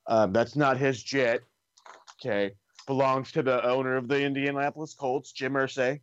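A man's voice: mid-range voice, steady tone, moderate pace, smooth. A man co-hosting a wrestling chat, sarcastic and profane, ranting with plenty of swearing. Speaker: wrestling podcast co-host. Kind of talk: casual chat. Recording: dull dry lo-fi.

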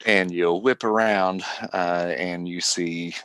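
A man narrating as game master of a Western tabletop role-play, relaxed and matter-of-fact. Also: low voice, slow, clean tone, no room sound.

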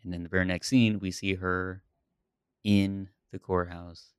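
A deep-voiced man co-hosting a podcast, talking in a loose, rambling way with easy laughs. His voice sits very low. The sound is dry and close, with no room around it. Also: a little slow, smooth, no echo. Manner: relaxed, laughs often, rambling. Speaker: podcast co-host. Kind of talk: casual chat about a TV series.

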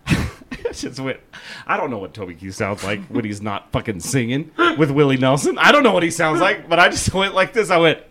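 A man's voice: a little high, normal speed. A man co-hosting a casual podcast, telling a story with lots of swearing, laughter and acted-out quotes. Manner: animated, acts out quotes, swears, laughs often. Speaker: podcast co-host.

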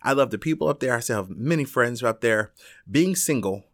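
A man from Chicago tells his own story in a loose, chatty way, with a voice of middling pitch recorded dry and close. He rambles, restarts his sentences and swears now and then. When he quotes other people, his pitch leaps up. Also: brisk, no echo. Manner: rambling and animated, with frequent fillers, restarts and swearing; acts out other people's lines with big jumps in pitch. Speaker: teacher telling his story. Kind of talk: casual storytelling.

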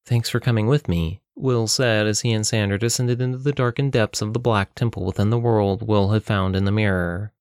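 Male storyteller, low voice, dry close recording. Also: steady tone, fairly quick, few pauses, a little mellow, clear, resonant tone, no room sound. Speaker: narrator. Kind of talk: reading a story aloud.

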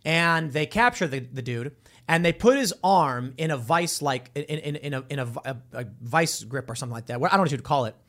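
A man's voice: fairly high pitch, a little fast. A man hosting a casual commentary monologue, telling stories and acting out the people in them. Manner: animated storytelling, acts out quoted voices. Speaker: political commentary host.

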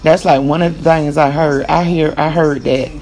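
Podcast host, Texan woman, gravelly voice, emphatic casual monologue. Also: sits low, fairly even intonation, normal speed, darkish tone. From Texas. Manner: emphatic, repeats "you know what I'm saying".

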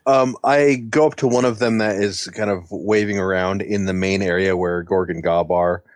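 Rich: A male player describing his moves in a tabletop game, casual and offhand. His voice is low and dry. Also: fairly even intonation, moderate pace, dry recording.

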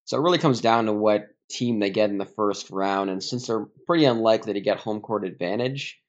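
A man calling into a sports podcast as a guest, talking through his picks in a measured, hedging way. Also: fairly low pitch. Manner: measured, hedging, thinks out loud. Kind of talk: casual sports chat. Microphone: remote call. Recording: dull remote call line.

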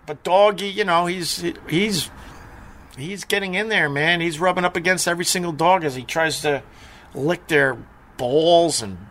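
Brief: middle-aged male streamer, allergy-stuffy, blunt rambling rant, slightly high, bright tone. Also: normal speed. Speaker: live stream host. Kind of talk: casual live stream rant.

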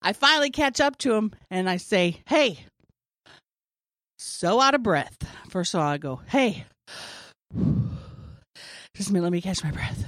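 A woman's voice: on the low side, a little fast, hardly any pauses, no echo, clean studio sound. A woman in her forties telling a long funny story in casual chat, acting out what people said and laughing often. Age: 40s. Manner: animated storyteller, acts out quotes, laughs often.

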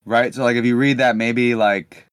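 A man's voice: medium pitch, steady tone, normal speed, fairly bright tone, smooth, no echo, studio quality. A man co-hosting a podcast, talking casually in a loose, rambling way full of fillers. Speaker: podcast co-host.

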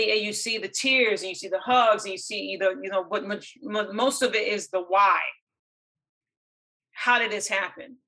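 A woman podcast host speaks earnestly and with deep feeling. Her voice is bright and forceful, at a middling pitch. She halts often, repeating words as she works through her thoughts. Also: rough recording. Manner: earnest, impassioned, halting with repeated restarts. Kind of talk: emotional solo commentary.

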